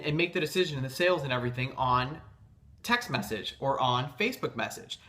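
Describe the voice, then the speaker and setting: In a motivational sales-coaching talk, a man speaks a little fast in a mid-range voice with a sharp edge. He's emphatic and insistent about conviction, though his phrasing is loose and full of fillers and restarts.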